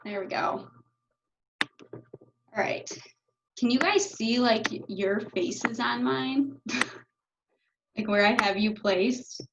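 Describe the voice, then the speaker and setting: A chatty young woman in her twenties with a fairly high voice talks with a group over a video call. Her speech is loose and full of "like," and she swears when she gets fired up. The call audio is dull and lo-fi. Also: slow, long pauses, background noise. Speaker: coach. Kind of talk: casual talk on a video call.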